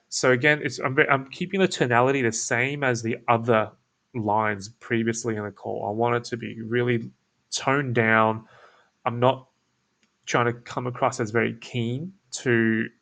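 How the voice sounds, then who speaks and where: An Australian man talks through a sales technique in a relaxed, low-key teaching voice. His voice is gravelly with a creaky fry, kept deliberately calm and toned down, never pushy. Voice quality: creaky, croaky low delivery. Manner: laid-back, toned-down, flat on purpose. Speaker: agency owner teaching cold calling. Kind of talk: casual instructional talk with demo lines.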